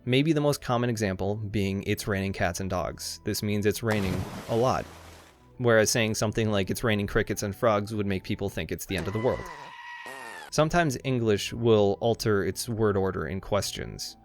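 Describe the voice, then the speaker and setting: A man with a fairly low voice narrates a comedic video essay from a script. His tone is irreverent and sarcastic, and he swears freely. Faint music plays underneath him. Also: normal speed. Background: faint background music.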